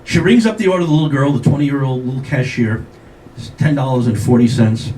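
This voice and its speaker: An older man with a medium-pitched, dark-toned voice performs stand-up at a fairly quick clip. He tells self-mocking stories, acting out quotes brashly, as the audience laughs. The club recording is noisy, echoey, and taken from a distance.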